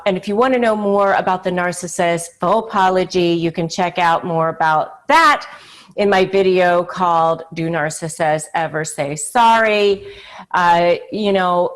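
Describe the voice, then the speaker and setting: A woman with a fairly low voice talks straight to her viewers in an advice-style video. She is conversational and emphatic, leaning on fillers like "you know" and "uh". Now and then she slips into short acted-out quotes. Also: measured pace. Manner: acts out quoted pleading lines. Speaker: channel host. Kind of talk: direct-to-camera advice talk.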